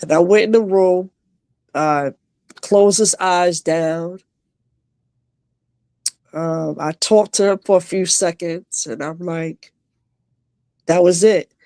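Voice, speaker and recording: A woman joins a live stream by video call from her home to tell a moving personal story, breaking off and beginning again. She has a lowish, warm voice, captured with no echo.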